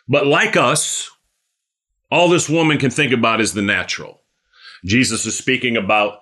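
A male preacher giving a conversational sermon, repeating phrases and filling pauses with "um.". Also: medium pitch, pushed and bright.

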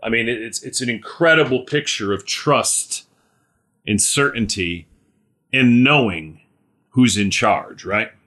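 A man's voice: medium pitch, a little slow, bright, forceful tone. A man preaching a conversational sermon, often asking "right?" and calling on listeners by name.

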